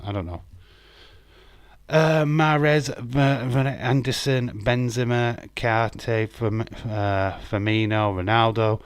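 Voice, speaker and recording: Hoarse and mid-pitched, an Englishman hosts a casual live stream, ranting and swearing bluntly. The recording is dry.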